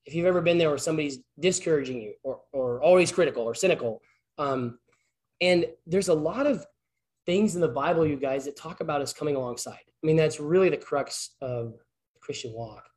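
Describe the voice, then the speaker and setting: A man's voice: fairly high pitch, a little fast, a little mellow. A man who works as a PE teacher, filling in as a church speaker and giving an informal, story-driven sermon in a rambling, conversational way full of restarts.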